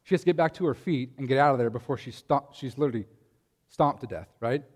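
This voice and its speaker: A man's voice: medium pitch, fast talker, long reverb tail. A man preaching a sermon, talking in a conversational way and asking his listeners rhetorical questions. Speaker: pastor.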